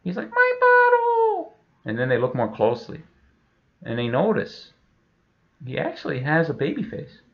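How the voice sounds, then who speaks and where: A man's voice: mid-range voice, animated, normal speed, gravelly, pauses often, highs cut off. A man telling a rambling, profane comic story, full of fillers. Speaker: comedian.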